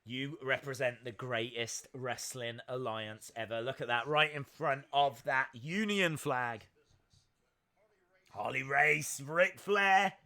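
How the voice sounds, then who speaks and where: A man hosting a live wrestling watch-along stream, commenting in a jokey, excitable way and breaking into shouts at big moments. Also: mid-range voice, slow.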